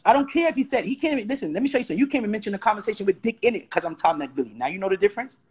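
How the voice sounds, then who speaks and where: This host from Brooklyn, New York, races through a heated live-stream rant, recorded on a phone or webcam, combatively repeating rhetorical questions. His voice is high, husky, and darkish, with lively intonation.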